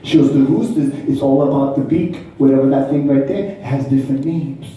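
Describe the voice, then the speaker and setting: A man's voice: mid-range voice, brisk, warm tone, very echoey, distant mic, low-quality recording. A man performing a brash, profane stand-up comedy set in a club, acting out other people's voices. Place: comedy club stage before a laughing audience.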